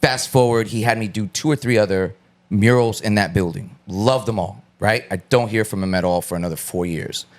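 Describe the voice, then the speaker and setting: A man's voice: lowish voice, a little fast. A man, a guest artist, telling loose, profane stories in a casual interview and acting out what people said to him. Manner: loose, profane storytelling with acted-out quotes.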